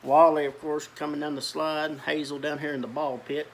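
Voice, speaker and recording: A man's voice: on the high side, level tone, brisk, a little hiss or hum. A man reading a children's picture book aloud, with chatty asides about the pictures. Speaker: storyteller.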